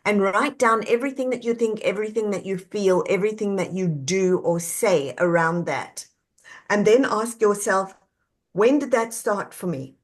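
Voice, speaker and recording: Measured woman guiding self-reflection. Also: mid-range voice, expressive. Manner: measured, reflective, walks through questions step by step. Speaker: guest. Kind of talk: interview answer, coaching talk.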